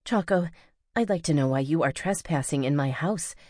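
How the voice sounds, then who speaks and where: A woman voicing a frightened but defiant young woman confronting an intruder, sharp and demanding. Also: deep voice, moderate pace, dry recording, clean studio sound. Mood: tense.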